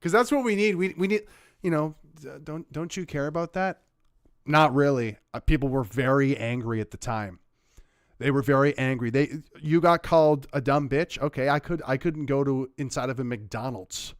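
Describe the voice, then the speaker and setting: A man from Canada giving sarcastic, animated commentary while reacting to a news clip. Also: mid-range voice, moderate pace, clear, resonant tone, dry recording, studio quality. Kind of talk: casual political commentary.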